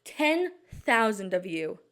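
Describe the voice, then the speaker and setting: Alone at home at night, a young woman hosting a podcast rambles anxiously in casual solo chat, flustered and shaken, full of "like" fillers and restarts. Her mid-range voice is sing-song and a bit bright, and she speaks at a slow pace.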